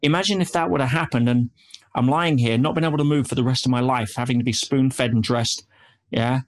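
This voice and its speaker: Animated man telling stories in an interview. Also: mid-range voice, fairly quick. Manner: animated, drops in frequent "yeah"s and "you know"s. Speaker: guest. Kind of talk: interview storytelling.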